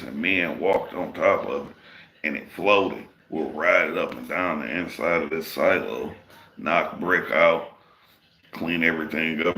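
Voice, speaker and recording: A man's voice: rumbling low, pushed and bright. A man hosting a livestream, telling a rambling, profane work story in casual talk. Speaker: livestream host.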